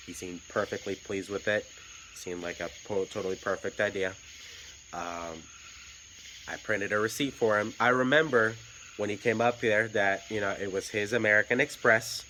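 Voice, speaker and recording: A man's voice: fairly low pitch, steady tone, moderate pace, noisy background. A man casually telling a story from his job at a hotel desk, in a wry, profane way with frequent stammers. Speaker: hotel night clerk telling stories.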